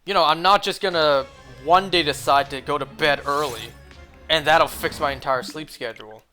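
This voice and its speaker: A man streams a shiny hunt, chatting casually with his viewers in a rambling, filler-heavy way packed with "like"s. His voice is a little high, bright and forceful, at a moderate pace, with faint music in the background.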